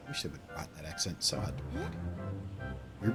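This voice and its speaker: A man's voice: extremely low pitch, huge pitch swings, measured pace, music in the background. A man streaming a game live, making wry, joking asides while he reads. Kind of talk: live gameplay commentary.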